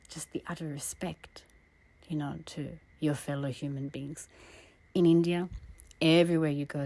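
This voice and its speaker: A woman astrologer and tarot reader in an earnest, heartfelt spiritual monologue who often drops into a breathy half-whisper. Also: low voice, dark tone. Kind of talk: reflective spiritual monologue with a personal story.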